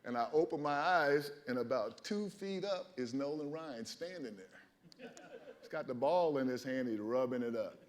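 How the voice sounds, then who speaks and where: A man's voice: mid-range voice, moderate pace. A man in his fifties, a former ballplayer, telling stories at a library event, acting out his reactions and laughing as he talks. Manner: animated storyteller, laughs often, acts out his own reactions. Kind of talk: storytelling talk at a library event. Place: public library event hall.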